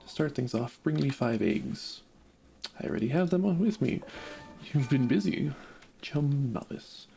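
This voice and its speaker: A man reading the lines of a gentle, cooing, motherly female creature queen in a game. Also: mid-range voice, lively intonation, measured pace, vocal fry, soft background music.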